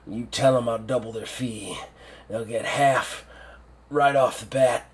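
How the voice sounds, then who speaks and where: A man voicing a gruff, ruthless old male general who speaks in blunt, commanding orders. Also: mid-range voice, fairly even intonation, unhurried, lightly acted.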